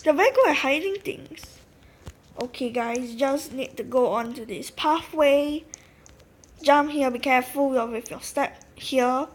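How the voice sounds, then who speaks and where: A woman giving casual, excitable commentary while playing a game, talking to her viewers and often gasping. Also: sits high, a little slow. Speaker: gameplay narrator.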